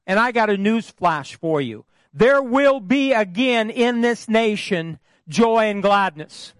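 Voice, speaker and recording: A man with a high, very lively voice preaches from a church pulpit. He calls out to his congregation for answers and breaks into folksy humorous asides. The sound is close and dry. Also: takes it slowly, clear, resonant tone, no echo. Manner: call-and-response with the congregation. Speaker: pastor. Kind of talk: sermon.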